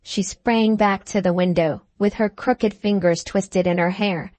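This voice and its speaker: A woman reading a classic novel aloud as an audiobook narrator, in a measured, dramatic manner. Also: mid-range voice, steady tone, a little mellow, dry recording. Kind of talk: scripted narration.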